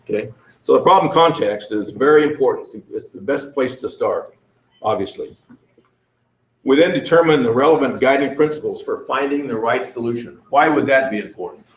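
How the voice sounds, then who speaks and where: A man presenting at a conference, asking the audience questions and speaking haltingly with many fillers. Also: medium pitch. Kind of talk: interactive conference talk. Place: conference room. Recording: echoey room.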